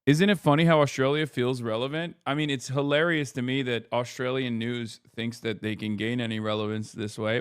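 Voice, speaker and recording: A man's voice: medium pitch, steady tone, brisk, hardly any pauses, smooth, no room sound, clean studio sound. A man streaming political reaction commentary, talking casually in a sarcastic, profane and mocking way.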